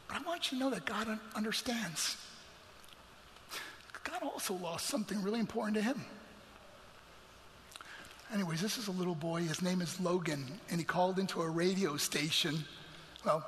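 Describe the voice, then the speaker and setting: A man telling an emotional personal story to an audience in a large hall, earnest and sometimes dropping to hushed near-whispers. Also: high voice, a little hiss or hum. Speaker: motivational speaker. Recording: long hall reverb, faint music.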